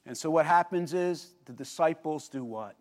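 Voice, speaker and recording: A man preaching a sermon, telling the story vividly, swinging between lively emphasis and hushed, intense moments and asking the listeners questions. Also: fairly high pitch, moderate pace. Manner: animated storytelling with sudden drops to quiet intensity. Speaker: pastor.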